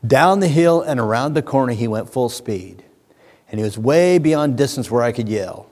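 Guy preaching a sermon, mid-range voice, goes from hushed to booming, big echoey hall. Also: lively intonation, normal speed. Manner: storytelling that swings from hushed to booming; addresses the congregation directly. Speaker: pastor. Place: church sanctuary. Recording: long hall reverb.

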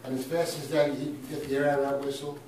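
A man's voice: a little high, level tone, fast talker, recorded from a distance. A man from Brooklyn tells a story with punchy emphasis. His voice sits back from the mic in a very echoey room. A faint hiss of noise sits under it. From Brooklyn, New York. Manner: emphatic, punchy, builds to loud peaks. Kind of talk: animated storytelling.

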